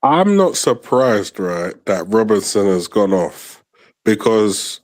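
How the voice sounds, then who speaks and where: Male co-host, low voice, hesitant casual football chat, lots of ums. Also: big pitch swings. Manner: measured and hesitant, many ums and restarts.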